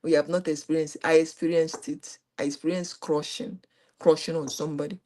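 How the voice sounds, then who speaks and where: A middle-aged woman with a Nigerian accent, telling a personal story to a live audience, her voice swinging from high exclamations to quiet low asides. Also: little pitch movement, fairly quick. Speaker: host.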